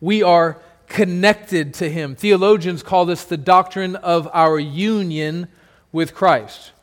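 A male pastor preaching a sermon to his congregation, building to emphatic declarations and then dropping low, sometimes calling on listeners by name. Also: takes it slowly. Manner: addresses congregation members by name.

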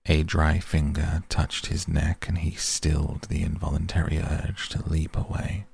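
Brief: male audiobook narrator, gravelly and husky, slow and grave, dry close studio sound. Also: extremely low pitch, little pitch movement, a little mellow, no echo. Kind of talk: scripted narration.

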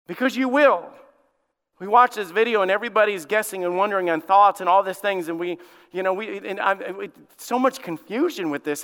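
A male lead pastor preaching a sermon, emphatic, with dramatic pauses and repetition. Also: high-pitched, bright, forceful tone, clear, resonant tone, in a large hall. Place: church sanctuary.

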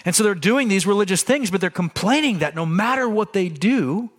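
A man preaching from the pulpit, his voice sitting somewhat higher than most men's. He talks through the passage in a conversational way, circling back with restarts and doubled words as he makes his point to the congregation. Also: expressive, a little fast. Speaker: pastor. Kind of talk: sermon.

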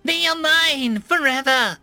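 Man putting on a shrieky slow villain, way high, mocking and snarly. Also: bright, forceful tone, dry recording, soft background music, heavily acted. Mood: gloating. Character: vicious middle-aged male serial strangler.

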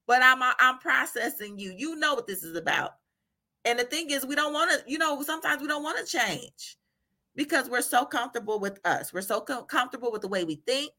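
Bright, animated woman encourager. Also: on the high side. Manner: animated, laughs often, asks "right?" repeatedly. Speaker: faith encourager. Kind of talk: informal devotional talk.

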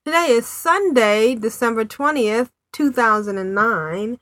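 A woman's voice: fairly high pitch, measured pace, fairly bright tone, no room sound. Lady hosting a podcast, chatty with lots of ums, dry room. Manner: chatty, laughs often, many fillers. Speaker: podcast host. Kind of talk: casual chat. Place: home in New England city.

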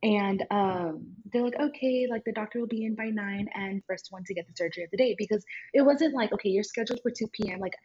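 A woman guest telling a personal story in casual chat, animated and acting out quoted lines. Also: medium pitch, fast, few pauses, slightly rough, muffled recording. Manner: animated, acts out her own and others' lines in quotes, many fillers of "like". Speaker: podcast guest.

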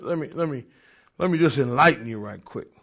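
A man preaching a call-and-response sermon, emphatic and repetitive, swinging from shouts to low murmurs. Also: lively intonation, brisk, creaky. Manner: repeats and restarts words for emphasis.

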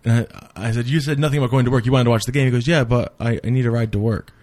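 A man telling a rambling story in casual chat, animated and full of swearing, acting out what people said. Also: mid-range voice, racing, no echo. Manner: animated, swears a lot, acts out quotes.

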